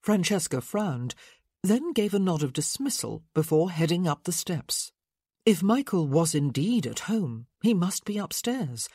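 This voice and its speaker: A woman narrating a historical romance audiobook in an expressive, measured storytelling manner. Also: on the low side, husky, dry recording, clean studio sound.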